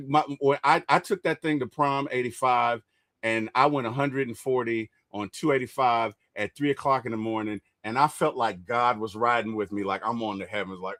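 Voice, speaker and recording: A man telling stories in casual chat, animated and laughing when excited. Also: medium pitch, no echo, studio quality.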